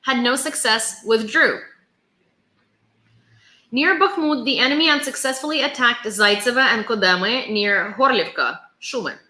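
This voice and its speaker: Woman reading news updates, bright tense voice, kinda high, echoey room, trips on place names. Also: normal speed. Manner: reads from notes, stumbles over place names. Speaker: news vlogger.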